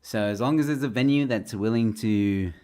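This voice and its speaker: Streaming from home through a webcam or desk microphone, a male stand-up comedian talks casually and rambles, full of fillers and false starts. He speaks at a moderate pace in a lowish, warm voice.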